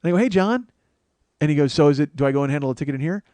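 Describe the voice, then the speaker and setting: This man's fairly high voice races along, with a little hiss or hum in the background. A comedian and podcast host in his forties, he animatedly recounts a comic story in a casual monologue, swearing and sounding exasperated.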